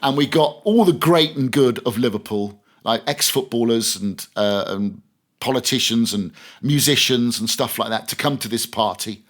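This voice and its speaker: A man in a relaxed podcast chat, spinning long radio anecdotes with lots of restarts and asides. His pitch sits mid-range and he breaks into laughter at his own stories. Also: moderate pace. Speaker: radio presenter guest. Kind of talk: casual podcast interview storytelling.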